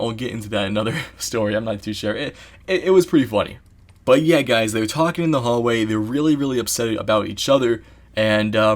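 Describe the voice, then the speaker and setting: A man telling a story in a casual vlog, rambling and excitable, packing his talk with "you know" asides. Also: mid-range voice.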